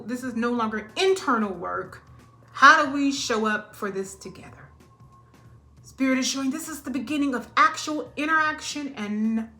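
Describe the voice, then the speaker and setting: A woman's voice: on the high side, fairly bright tone. A woman giving a casual tarot reading in a chatty way, laughing often and drifting off topic. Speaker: tarot reader.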